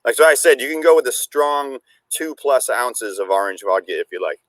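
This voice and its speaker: A man's voice: medium pitch, animated, moderate pace, fairly bright tone, no room sound. An easygoing man with a mid-range voice chats casually while mixing a cocktail. He hesitates often with fillers. The sound is dry and close. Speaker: cocktail-making co-host. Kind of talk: casual chat, demonstrating a drink.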